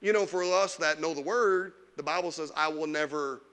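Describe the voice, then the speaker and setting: A man preaching a lively sermon as pastor in a church, teasing the congregation and mocking whiny complainers. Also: on the high side, moderate pace. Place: church sanctuary.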